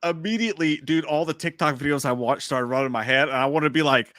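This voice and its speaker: A man's voice: fairly high pitch, quick pace, fairly bright tone, no room sound, studio quality. A man co-hosting a podcast, telling a story in casual chat, acting out quotes and swearing a lot. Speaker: podcast co-host.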